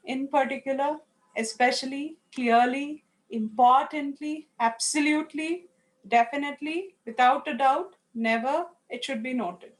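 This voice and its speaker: Female tutor, high voice, slow word-by-word list reading with short explanations. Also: low-quality recording. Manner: reads lists of words one by one, explains with simple examples. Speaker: English teacher. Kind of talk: online lesson, reading word lists.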